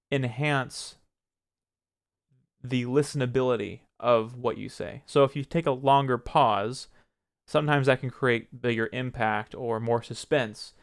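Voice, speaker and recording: A young man with a smooth, clear voice talks straight to his viewers in a relaxed advice vlog. He pauses often to find his next words. He admits to his own speech habits in a frank way. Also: medium pitch. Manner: reflective, pauses often while choosing words; self-critical about his own speech. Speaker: streamer and video creator. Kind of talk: casual advice talk to camera.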